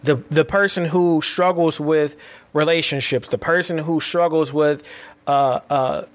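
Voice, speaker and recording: A man's voice: on the high side, steady tone, a little slow. Candid man hosting a solo podcast. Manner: candid, reflective, with frequent restarts and casual slang. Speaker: podcast host. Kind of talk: solo motivational podcast monologue.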